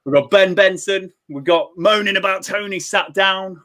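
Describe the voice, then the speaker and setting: A man with a Lancashire accent hosts a relaxed football watchalong, cheerful and talkative, breaking into laughs as he goes. His voice sits a touch high and has a bright, forward edge. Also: moderate pace. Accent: Lancashire English. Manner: upbeat, chatty, laughs often. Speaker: watchalong host. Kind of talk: casual football chat.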